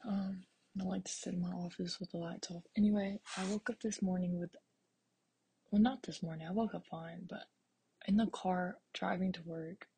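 A young woman and author hosting her own podcast, talking casually from a dark office at work, blunt and profane, often dropping to a half-whisper. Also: lowish voice, steady tone, normal speed, vocal fry, husky. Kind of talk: casual rambling monologue.

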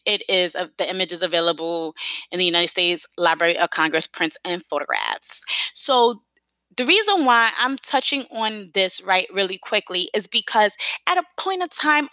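A woman's voice: on the high side, pushed and bright, no echo, poor audio. A woman with a New York accent talking casually and emphatically to her viewers, often repeating herself. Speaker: vlogger. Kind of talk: casual talk to camera.

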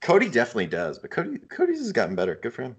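A man's voice: mid-range voice, huge pitch swings, rapid-fire, husky, dull audio. A man co-hosting a casual podcast, rambling and trailing off unsure of his point. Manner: rambling and unsure, often trailing off with "I don't know". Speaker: podcast co-host. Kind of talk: casual chat.

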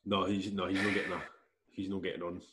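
Fast-talking blunt Scottish man. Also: low voice, level tone, a bit bright, a little hiss or hum. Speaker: podcast co-host. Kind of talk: casual chat.

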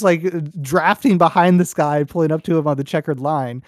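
A man's voice: fairly high pitch, a little fast, few pauses, dry recording, studio quality. A young man, a podcast host, chatting casually and telling a story with lots of restarts. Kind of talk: casual chat.

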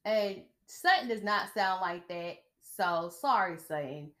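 Her voice is fairly low and a bit bright, expressive and measured as she hosts a podcast of casual reality-TV gossip. She's blunt, chatty and emphatic, peppering her commentary with "okay?" asides.

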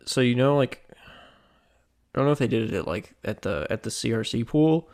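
A man's voice: mid-range voice, animated, normal speed, a little mellow. A young man co-hosting a podcast in casual chat, teasing and loose. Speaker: podcast co-host.

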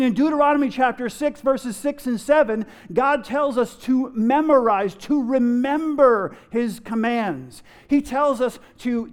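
Man preaching, very high voice, middle-aged, emphatic, speaks to the congregation. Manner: storytelling, emphatic, addresses the congregation. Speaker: pastor. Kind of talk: sermon with a joke.

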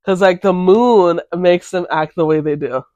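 A man co-hosting a casual podcast, chatting offhandedly about films with quick asides. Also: high voice, a little mellow, no echo, dull audio. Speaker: podcast co-host. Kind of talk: casual chat.

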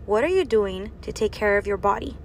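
This woman's mid-range voice is animated and fairly quick, with vocal fry, as she delivers an earnest preaching monologue about faith and health. She urges her audience on through strings of rhetorical questions, and a little hiss or hum sits under the audio.

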